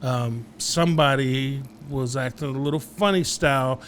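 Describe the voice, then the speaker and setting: A man's voice: medium pitch, moderate pace, a little hiss or hum. A man co-hosting a podcast in casual chat, laid-back and agreeable, laughing often. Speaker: podcast co-host.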